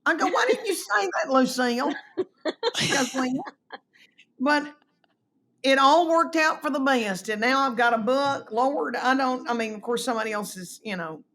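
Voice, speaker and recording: A middle-aged woman, telling animated stories and acting out quoted voices in a casual chat. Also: high voice, normal speed. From East Tennessee, US. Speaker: comedian guest.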